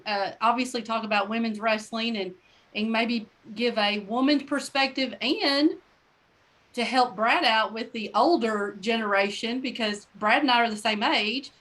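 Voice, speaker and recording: A woman's voice: fairly high pitch, a bit bright. Friendly middle-aged woman guest. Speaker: podcast guest. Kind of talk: casual chat.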